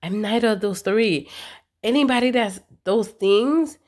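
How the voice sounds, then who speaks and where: A woman's voice: mid-range voice, a little slow, a little mellow. A woman giving a casual, emphatic, slangy recap of a reality TV episode, talking straight to her viewers. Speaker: TV recap vlogger.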